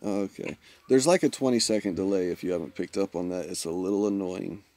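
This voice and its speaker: A man's voice: low voice, quick pace, mellow. A man, chatting casually with viewers while streaming a mobile game. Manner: laid-back, chatty, self-teasing. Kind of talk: casual live-stream chat.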